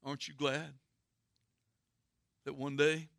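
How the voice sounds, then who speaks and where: Preacher guy, kinda high bright voice, earnest storytelling w/ dramatic pauses, dry close sound. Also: no room sound. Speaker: pastor. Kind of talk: sermon.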